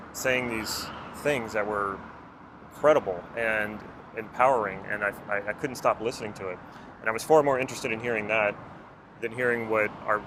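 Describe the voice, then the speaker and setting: A man's voice: lowish voice, noisy background. A man who works as a personal development coach talks to the camera in an earnest, reflective way and asks the viewer many questions.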